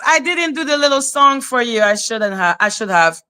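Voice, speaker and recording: A woman's voice: fairly high pitch, expressive, normal speed, hardly any pauses, pushed and bright, clean tone. A woman hosting a live stream, talking to her chat in a confrontational, scolding way. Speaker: livestream host.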